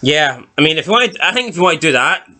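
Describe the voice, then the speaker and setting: A man's voice: fairly high pitch, sing-song, fast, pushed and bright. A man co-hosting a casual TV review chat, recapping plot points in a dry, skeptical way. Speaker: TV review podcast co-host.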